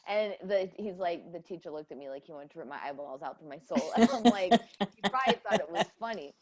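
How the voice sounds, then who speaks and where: A woman's voice: lowish voice, animated, fast talker, darkish tone. A young woman co-hosting a podcast in casual chat, blunt and profane, laughing often. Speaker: podcast co-host.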